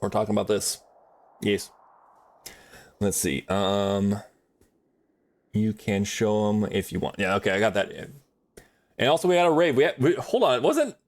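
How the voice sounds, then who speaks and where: A man's voice: fairly low pitch, lively intonation, unhurried, long pauses. A man chatting casually on a livestream while drawing, rambling in a friendly way with many fillers and restarts.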